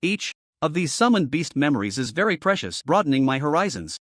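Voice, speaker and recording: A man's voice: fairly high pitch, sing-song, fairly quick, a bit bright, dry recording, studio quality. A man voicing a reincarnated man now living as a little panda, speaking with eager wonder. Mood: curious.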